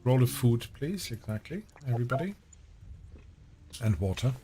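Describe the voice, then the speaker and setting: A man running a tabletop game as game master, giving relaxed, unhurried rulings with fillers. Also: mid-range voice, faint music behind.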